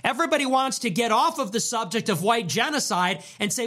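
A talk show host delivers a heated monologue in a lively, up-and-down voice. The talk is profane and emphatic, with phrases repeated for weight. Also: medium pitch, fairly quick, hardly any pauses.

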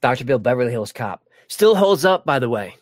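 A man's voice: mid-range voice, sing-song, brisk, dry recording. A man hosting a live stream, chatting casually and joking while reading viewer comments. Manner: rambling, jokey, many restarts. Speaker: livestream host.

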